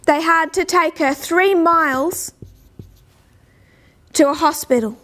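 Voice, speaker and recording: A woman giving an informal lecture, slowing down to stress points and posing rhetorical questions. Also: very high voice, fairly bright tone. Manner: measured, slows down to stress points. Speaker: speaker giving a talk.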